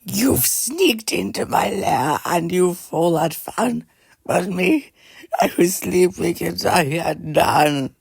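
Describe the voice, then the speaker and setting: A big grumpy bear whines and sulks in a raised, husky voice, as a man puts him on for a storybook. The recording is dry and close. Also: sits high, animated, takes it slowly, dry recording, voice pushed up, exaggerated voice. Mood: sulking. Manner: whiny, sulky complaint.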